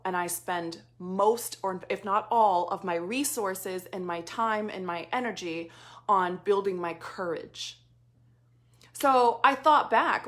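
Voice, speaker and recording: A middle-aged woman coach, telling her own story in a casual, animated way with quick acted-out asides. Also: medium pitch. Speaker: business coach. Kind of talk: casual motivational talk.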